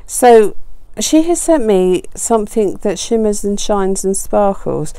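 A woman's voice: medium pitch, very animated, slow pace, dark tone, smooth, no room sound. A woman chatting casually as she unboxes craft supplies, gushing and exclaiming over each item with chatty asides, on a desk mic close to her chin. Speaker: papercraft vlogger.

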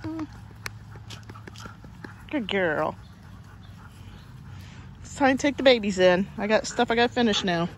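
A woman's voice: mid-range voice, expressive, measured pace, long pauses, slight background noise. A woman fostering dogs, talking casually and cooing coaxing baby talk to puppies in an outdoor yard. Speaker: dog foster carer.

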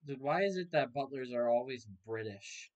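A man's voice: mid-range voice, expressive, moderate pace, a little mellow. A young man casually commenting while he plays a video game, joking and reacting aloud to what happens on screen. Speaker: gaming video host. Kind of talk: casual let's-play commentary.

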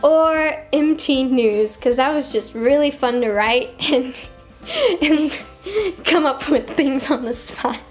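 A woman's voice: high voice, slow, faint music behind. A young woman in casual chat, reading fan questions aloud and answering them with lots of giggling.

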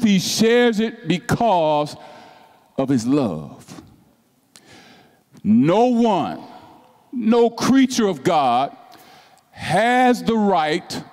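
A man preaching a sermon as pastor, slow and emphatic, with repeated rhetorical questions and passages that drop to soft, hushed tones. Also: high voice, long reverb tail.

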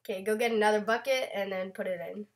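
A young woman hosting a Minecraft channel chats casually as she plays, her medium-pitched voice steady and quick. She comes across as playful and a little self-conscious.

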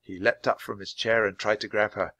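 A man reading a children's storybook aloud at a steady, clear pace for English learners. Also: on the low side, fairly quick, no room sound. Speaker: storybook reader. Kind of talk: scripted narration for English learners.

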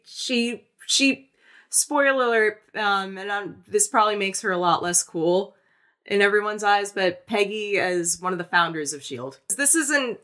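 Woman cohost rambling about a movie, lots of restarts, excited chatty energy. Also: medium pitch. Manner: rambling, animated, with frequent restarts. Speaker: podcast co-host. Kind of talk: casual film-review chat.

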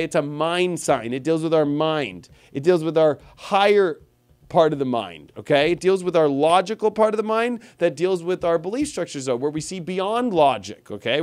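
A man hosting an astrology livestream, talking in a rambling, animated way full of fillers like "you know" and "okay". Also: high-pitched. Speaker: astrologer host. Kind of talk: livestream talk.

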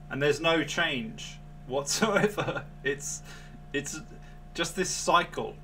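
A man's voice: fairly high pitch, pushed and bright, slight background noise. A man hosting a podcast, chatting casually, laid-back, laughing and swearing. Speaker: podcast host. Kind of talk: casual chat.

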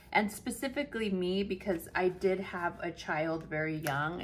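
A woman's voice: mid-range voice, a bit bright. A woman in her late forties, chatting casually and laughing at herself while she works on her planner. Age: 40s. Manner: chatty, giggly, self-mocking storytelling. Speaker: planner vlogger.

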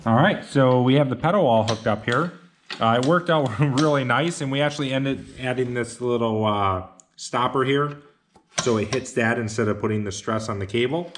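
A man's voice: mid-range voice, moderate pace, soft background music. A man co-hosting a garage build vlog, talking upbeat and plainspoken with a few uhs. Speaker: YouTube garage builder co-host. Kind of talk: casual shop vlog talk. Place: garage workshop.

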